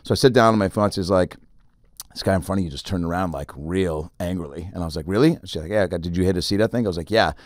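A man hosting a podcast, telling a story in a casual, animated way and acting out the people in it. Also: sits low, fast, no echo, studio quality. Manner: animated, acts out other people in his stories. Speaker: podcast host.

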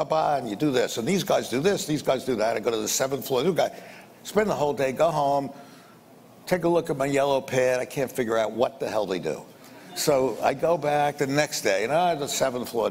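An older man from the United States talks business in a blunt, street-smart way, acting out both sides of each exchange. His voice sits at an ordinary male pitch. It carries a long reverb, with a faint hiss underneath. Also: a little mellow. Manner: blunt, acts out the dialogue in his stories, with punchy repetitions. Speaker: businessman interviewee. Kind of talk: anecdotal storytelling. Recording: reverberant room with faint background noise.

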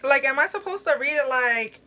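A woman's voice: high voice, lively intonation, fairly quick, bright, forceful tone. Giggly young woman chatting casually. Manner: giggly, chatty, reacting to a movie and to chat. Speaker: beauty vlogger. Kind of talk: casual chat while wearing a face mask.

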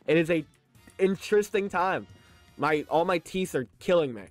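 A young streamer in his late teens, talking in a slightly high, very lively voice. His mouth is held open by freshly adjusted braces, so every word comes out slurred, wet and lisping. He jokes with his chat, laughs often and trips over his own restarts. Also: normal speed, no echo, faint music behind. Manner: chatty and joking, laughs often, stammers on restarts. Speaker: live streamer. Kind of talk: casual live-stream chat, reading chat aloud.

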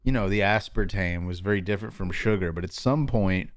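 A man's voice: low-pitched, fairly quick. A man streaming a video game, chatting casually and answering his viewers as he plays. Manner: relaxed, chatty, reads and answers chat. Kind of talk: casual live-stream gameplay chat. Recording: game music behind the voice.

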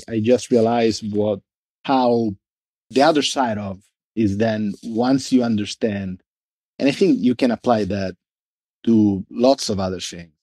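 A man being interviewed about the brand he founded, talking casually and haltingly, often restarting as he searches for words. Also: on the low side, mellow, no echo. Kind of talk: casual conversation.

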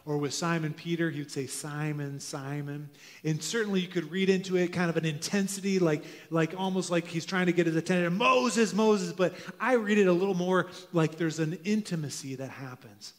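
A man preaching a sermon as pastor to his congregation, earnest, drawing out key phrases slowly for emphasis. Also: a little high, fairly even intonation. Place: church sanctuary. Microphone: handheld microphone. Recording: long hall reverb of a church.

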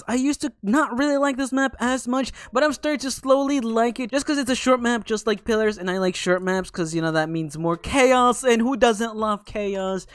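A young man giving excitable, jokey live commentary over a game, teasing the players he fights. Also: extremely high pitch, smooth, no room sound. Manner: excitable, jokey, talks to opponents. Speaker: gaming YouTuber.

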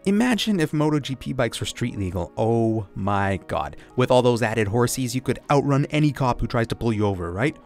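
A man's voice: mid-range voice, lively intonation, fast, few pauses, a little mellow, soft background music. A man hosting a motorsport video, delivering scripted commentary full of sarcastic jokes. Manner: joking, sarcastic asides. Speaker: YouTube motorsport channel host.

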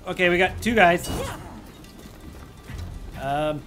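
A gaming channel host giving let's-play commentary, loud and exclamatory, yelling at enemies and making sarcastic asides. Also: mid-range voice, moderate pace, over music.

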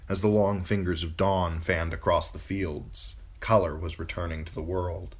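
Brief: low-voiced man, steady amateur audiobook narration. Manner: measured storytelling narration. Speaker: audiobook reader.

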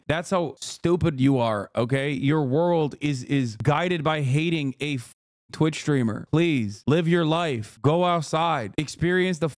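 A man's voice: on the high side, no room sound, clean studio sound. Brash, mocking male streamer. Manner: brash, mocking, profane ranting. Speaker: livestream host. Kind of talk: casual chat.

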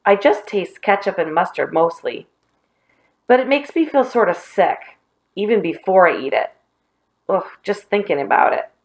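A woman's voice: medium pitch, lively intonation, normal speed, natural voice, rough recording. A woman reading aloud, voicing a stubborn but weary, queasy boy who talks in tired, earnest sighs.

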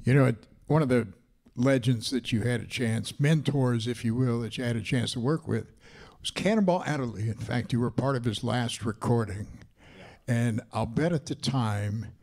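A man interviewing a musician, asking long questions at an uneven pace, rushing and then slowing down. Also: medium pitch, gravelly, darkish tone.

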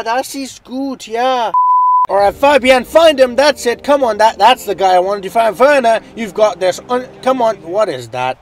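A man commentating his own football video game, excitable and swearing often, shouting at plays. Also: very high-pitched, rough recording. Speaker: gaming channel host.

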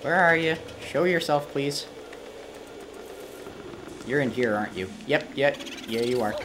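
A man narrating his gameplay in a casual, running commentary, quick to curse and plead when things go wrong. His pitch is lively and leaps around between calm remarks and sudden outbursts. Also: background noise. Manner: easily frustrated, swears and pleads at the game. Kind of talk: let's play commentary.

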